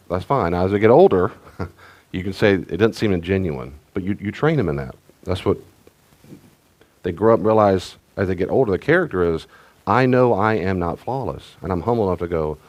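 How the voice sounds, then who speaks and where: A middle-aged man, a pastor, teaching in a conversational, rambling way with restarts and asides. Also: deep voice. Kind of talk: sermon-style teaching talk.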